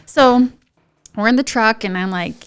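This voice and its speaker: A young woman, a podcast guest telling a funny story in a lively, animated way and acting out other people's voices. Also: unhurried, clear, resonant tone. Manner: lively, acts out voices of others in high excited tones. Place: podcast studio.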